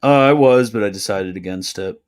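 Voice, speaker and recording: Low-voiced deadpan man answering chat. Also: clear, resonant tone. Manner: offhand, deadpan, quick jokey replies. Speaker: livestream host answering chat questions. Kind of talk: casual livestream Q&A.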